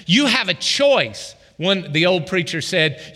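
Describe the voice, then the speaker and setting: A male pastor delivers a sermon in an animated way, often throwing questions out to his congregation. His voice sits high and sounds bright and forceful. The hall around him rings with a long reverb. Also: slow pace, hardly any pauses.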